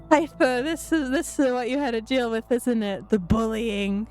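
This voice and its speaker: Giggly high-pitched woman streamer. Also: slow, pauses often. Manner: giggly, excitable, often breaking into laughter and squeals. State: laughing to tears. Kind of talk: live-stream chat with viewers. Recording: faint music in the background.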